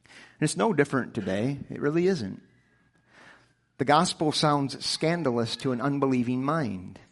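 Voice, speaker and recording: A man's voice: mid-range voice, lively intonation, moderate pace. A male preacher delivering a sermon with emphatic rhetorical questions, often repeating himself as he presses a point.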